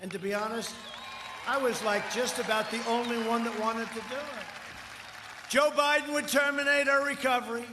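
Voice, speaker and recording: An older man speaking at a campaign rally, rambling and boastful, swinging between shouted lines and muttered asides. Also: very high voice, steady tone, moderate pace. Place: outdoor rally. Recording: echoey outdoor rally with long reverb and faint crowd noise.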